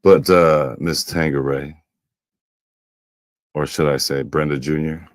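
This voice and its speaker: A man's voice: extremely low pitch, fairly even intonation, slow, no echo, clean studio sound. A man in a video clip speaking in a hesitant, musing way.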